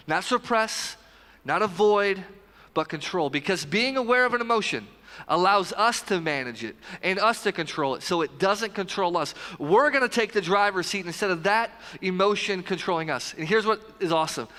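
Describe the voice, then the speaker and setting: Bright high-voiced pastor, joking sermon. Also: male voice, long reverb tail. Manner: conversational, talks straight to the congregation with quick asides. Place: church sanctuary, live service.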